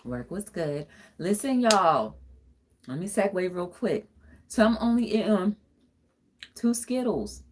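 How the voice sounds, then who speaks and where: A woman's voice: medium pitch, lively intonation, takes it slowly, pauses often, a little mellow. A woman hosting a casual livestream talk show, chatty and encouraging, with sing-song greetings and easy laughter.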